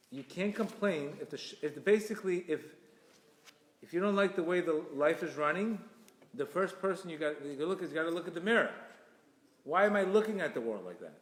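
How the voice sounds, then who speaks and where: Man, inspirational religious talk, fairly high voice, emphatic and repetitive, roomy hall echo. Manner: emphatic, repetitive, with sudden loud bursts. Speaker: Torah teacher. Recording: echoey hall reverb.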